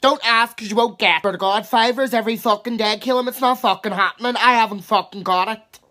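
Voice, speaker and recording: A woman's voice: a little high, a little fast, bright, forceful tone. A woman with an Irish accent playing an angry, sweary mother in a comedy sketch. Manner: sweary, scolding.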